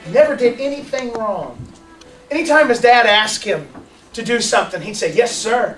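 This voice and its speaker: High-voiced playful man telling a kids' lesson. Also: normal speed, faint music behind. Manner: lively, playful, chatty, asks the audience questions. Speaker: children's church teacher. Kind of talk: animated storytelling lesson with volunteers. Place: large room with kids, music playing. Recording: echoey room, voice from far off.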